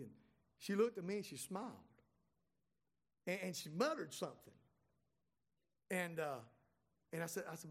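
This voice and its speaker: A middle-aged man spins a humorous anecdote for an audience. His voice sits high, and his delivery is folksy and chatty, full of false starts and repeated words. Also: fairly quick, long pauses. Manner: folksy, chatty, with many restarts. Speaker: speaker.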